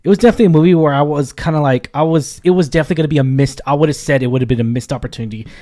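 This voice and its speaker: A man's voice: on the high side, rapid-fire, dark tone. A man hosting a casual movie review chat, rambling and enthusiastic, with many fillers and restarts.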